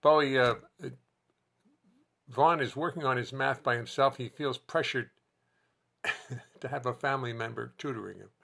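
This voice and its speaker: Gravelly man chatting on a live stream. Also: medium pitch, moderate pace, pauses often, a bit bright. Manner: rambling, chatty, jokes to viewers. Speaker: host and musician. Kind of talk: casual live-stream chat. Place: home music studio.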